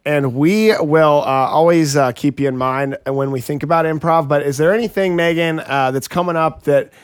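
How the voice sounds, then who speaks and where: A male podcast host with a slightly high voice, friendly and teasing in a casual chat. He talks with many small pauses and fillers. The sound is close and dry. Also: steady tone, clear, resonant tone, dry recording.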